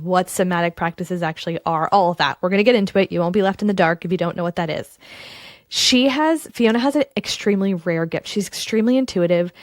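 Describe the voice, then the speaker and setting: A woman's voice: fairly low pitch, no room sound, studio quality. A woman hosting a podcast, introducing the episode in a chatty, enthusiastic way with casual asides. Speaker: podcast host.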